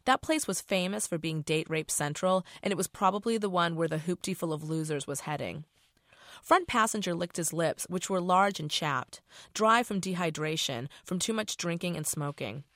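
Middle-aged woman author, low voice, casual profane narration, dry close mic. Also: normal speed, fairly bright tone, no room sound. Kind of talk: reading her novel aloud.

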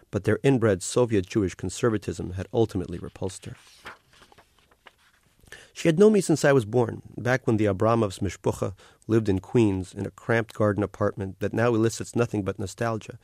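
Author reading his fiction: wry, deadpan male narrator, very dry close sound. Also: fairly low pitch, gravelly, dry recording. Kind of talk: literary reading.

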